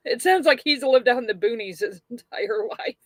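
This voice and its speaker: A woman's voice: a little high, animated, normal speed, dry recording. A woman with a light Texas accent chatting casually, laughing often and poking fun at herself. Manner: chatty, laughs a lot, self-deprecating. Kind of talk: casual chat.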